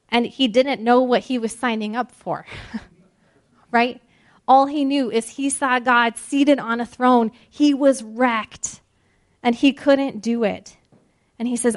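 A woman with a fairly high voice delivers a devotional talk to her listeners. She speaks earnestly, drawing out key phrases with deliberate pauses for emphasis. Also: steady tone. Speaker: ministry speaker. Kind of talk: devotional sermon.

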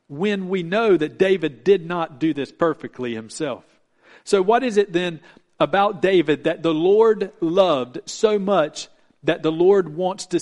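A man delivers a sermon from the pulpit in a voice pitched a little high. He preaches earnestly, slowing his pace to press home each point. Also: darkish tone. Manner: earnest preaching with emphatic slowdowns. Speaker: pastor.

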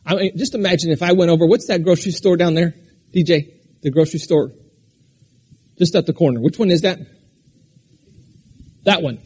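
A man from Alaska delivers a sermon in a high, husky voice. He jumps from loud, forceful proclamations to soft, personal asides aimed at one person in the pews. The rhythm is pastoral and unpredictable. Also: fairly quick, long pauses. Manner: preaching with sudden shouts and drops to a quiet conversational tone.

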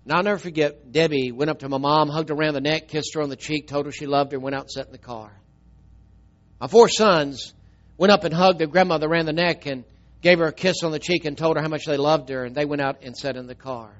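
Preacher, loud then hushed. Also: male voice, fairly high pitch, fairly even intonation, quick pace, lo-fi sound. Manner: swings from loud emphatic telling to soft tearful hush. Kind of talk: storytelling sermon.

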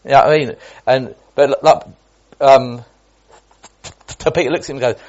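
A man gives an informal sermon, chatty and repetitive, often restarting his sentences. His voice sits at a middle pitch. The recording sounds slightly muffled and lo-fi. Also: steady tone, normal speed, darkish tone. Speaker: Bible teacher.

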